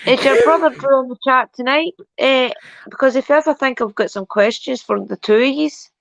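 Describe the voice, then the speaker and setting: A woman's voice: sits high, fairly quick, creaky, dry recording. A woman co-hosting a casual live stream, chatty and teasing, reading out viewer questions. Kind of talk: casual chat.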